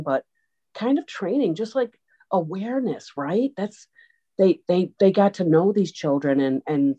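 A woman telling stories in an interview, lively, acting out the voices of the people she quotes. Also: low-pitched. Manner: animated storyteller, acts out quoted voices. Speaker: guest, autism program organizer. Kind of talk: storytelling interview answers. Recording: dull lo-fi sound.

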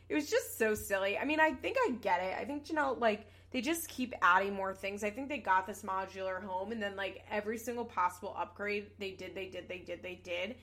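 A woman's voice: medium pitch, a little fast, few pauses, fairly bright tone. A young woman in her twenties talks through a reality show in a loose, chatty way. She drops sarcastic asides and swears casually, and her voice sits in an ordinary middle range. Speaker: podcast host recapping a reality show. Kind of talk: casual chat.

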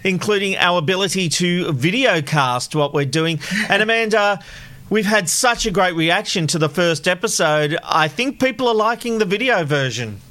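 A man's voice: high-pitched, expressive, moderate pace, pushed and bright. A man co-hosting a true crime podcast, joking with his co-host and presenting news items.

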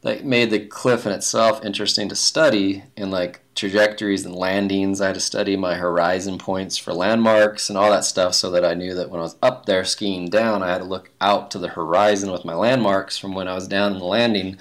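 Male interview guest, lower register, relaxed rambling storyteller. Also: a little fast, hardly any pauses. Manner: relaxed, rambling, many fillers and restarts. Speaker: guest, big-mountain skier.

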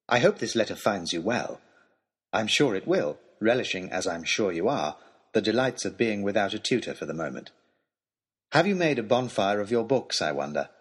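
A man's voice: on the low side, breathy edge. A man reading a storybook letter aloud in a wry, dry and polite manner. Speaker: audiobook reader.

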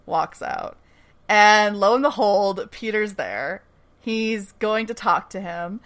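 A woman hosting a podcast, recapping a TV episode in casual chat. Her storytelling is animated, she swears freely, and she laughs often. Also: medium pitch, takes it slowly.

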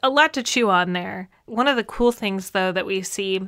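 A woman's voice: mid-range voice, normal speed, fairly bright tone. A woman co-hosting a podcast, chatting casually about a film with many fillers and frequent laughs. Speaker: podcast co-host.

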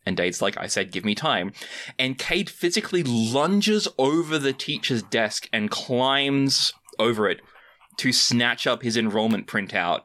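Animated speaker describing film scenes. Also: medium pitch, a little slow. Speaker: podcast guest. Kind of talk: casual movie discussion.

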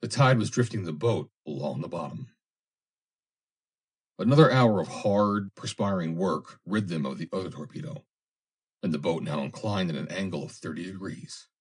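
A man narrating an adventure story in a measured, dramatic audiobook reading. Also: low voice, lively intonation, breathy edge.

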